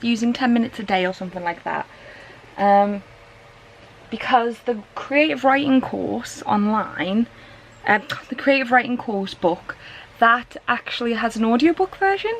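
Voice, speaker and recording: A woman with a fairly high voice chats through a casual vlog. She rambles from one thought to the next and pokes fun at herself while nursing a migraine. Faint noise sits behind her voice. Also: a bit bright, low-quality recording. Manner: chatty, rambling, self-deprecating. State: suffering a migraine. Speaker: vlogger.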